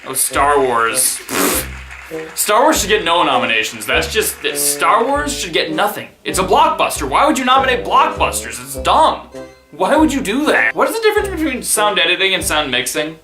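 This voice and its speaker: Casting note: young man, sarcastic comic reactor, lively swinging pitch, echoey room with music. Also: moderate pace. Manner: mock-enthusiastic, sarcastic, exaggerated. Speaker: comedic reaction vlogger.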